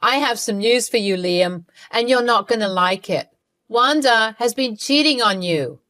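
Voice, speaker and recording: Woman voicing a gloating mother-in-law, smug, mid-pitched, dry. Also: expressive, unhurried, fairly bright tone, no room sound.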